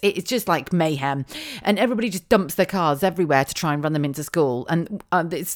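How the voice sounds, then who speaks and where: A British woman in her thirties talks in a casual, heartfelt way about her child. Her voice sits a little low, and she often breaks into laughter as she goes. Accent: British English. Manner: emotional, chatty, laughs often. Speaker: parent vlogger. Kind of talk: casual chat.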